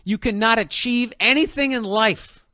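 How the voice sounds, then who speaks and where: American guy ranting solo on his podcast, sarcastic and swearing a lot, kinda high voice, dry close sound. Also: moderate pace, pushed and bright, no echo. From United States. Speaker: podcast host.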